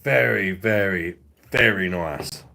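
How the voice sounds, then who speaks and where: A man's voice: deep voice, takes it slowly, vocal fry, bright, forceful tone. A man, hosting a drinks review livestream in a rambling, profane, laughing way. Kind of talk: casual livestream chat.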